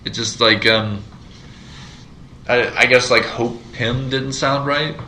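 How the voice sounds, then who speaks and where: A man's voice: medium pitch, fairly even intonation, slow, pushed and bright, slight background noise, rough recording. A man co-hosting a casual podcast, chatting about movies in a rambling way with many fillers and restarts. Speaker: podcast co-host. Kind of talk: casual chat.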